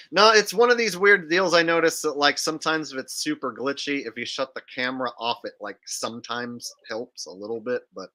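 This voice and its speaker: Bright animated man on a video call. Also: medium pitch, normal speed. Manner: animated storyteller, acts out quotes. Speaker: host. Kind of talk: casual panel chat.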